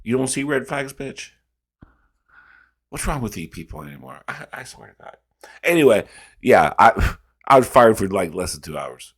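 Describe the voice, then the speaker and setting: A man hosting a reaction video, telling stories in casual, profane, animated commentary. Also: medium pitch, moderate pace, pauses often, slightly rough.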